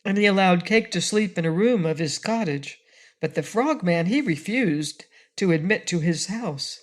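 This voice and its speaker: A woman narrating a classic children's storybook aloud in a steady reading voice. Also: fairly low pitch. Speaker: audiobook narrator.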